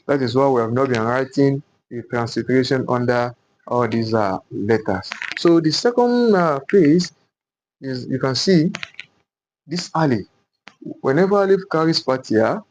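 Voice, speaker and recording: A man speaks slowly and deliberately to a class, drilling each letter sound over and over at a board. His voice sits at a middle pitch, and the recording sounds dull and lo-fi. He keeps stopping to ask "what?" and then answers the question himself. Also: darkish tone. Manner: slow, repetitive, drills each sound aloud; asks rhetorical "what?" questions. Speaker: Qur'an teacher. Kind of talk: pronunciation lesson at a board.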